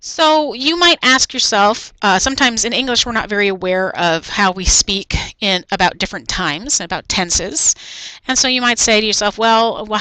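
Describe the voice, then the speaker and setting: Woman teacher recording a lesson, bright clear voice, dry close sound, goes over stuff twice. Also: medium pitch, dry recording, poor audio. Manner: explains slowly and repeats each point in Spanish then English. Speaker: Spanish teacher.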